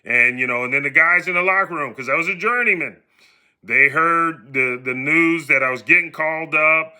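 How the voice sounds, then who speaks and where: Animated middle-aged man telling a story. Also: a little high, normal speed. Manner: animated, acts out quoted voices. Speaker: podcast host telling his story. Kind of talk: casual storytelling.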